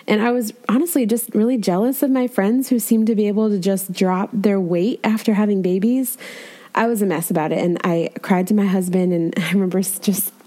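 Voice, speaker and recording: A woman in her thirties candidly shares a personal devotional testimony about her faith, reflective and lightly laughing at herself. Her medium-pitched voice is warm and fairly quick, with fairly even intonation.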